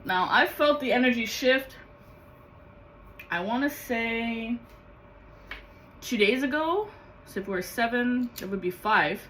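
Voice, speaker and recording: A woman giving a rambling, excitable spiritual vlog monologue as a card-reading guide, swearing freely. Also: fairly high pitch, slow, long pauses, slight background noise, low-quality recording.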